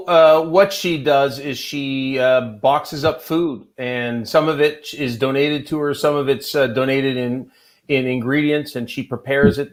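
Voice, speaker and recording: Guy cohosting a talk show, earnest, says you know a lot, normal pitch. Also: low-quality recording. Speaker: co-host. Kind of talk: casual live show talk.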